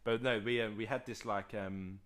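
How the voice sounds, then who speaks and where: Man, podcast co-host, rambling, excitable, lots of restarts. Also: fairly low pitch, moderate pace, clean tone. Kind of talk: casual storytelling chat. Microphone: podcast mic.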